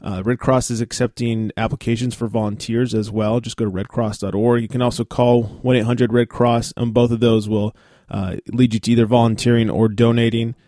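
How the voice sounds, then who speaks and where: Man, podcast host, raspy morning voice, casual chat, loose reading with fillers, dry sound. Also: mid-range voice, little pitch movement, a little fast, warm tone, no room sound. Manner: reads listings with fillers and asides. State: morning voice, sore throat.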